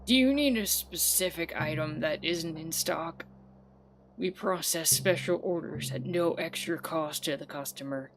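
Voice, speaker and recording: A woman's voice: low voice, unhurried, slight background noise. A woman voicing a female general store clerk with polite, formal sales patter. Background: guitar music.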